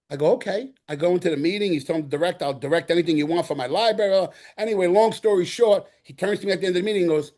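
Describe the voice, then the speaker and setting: Animated middle-aged New York man telling stories. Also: on the high side, fast talker, hardly any pauses. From the Bronx, New York. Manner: animated, acts out quotes, repeats himself. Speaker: guest actor. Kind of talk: storytelling interview.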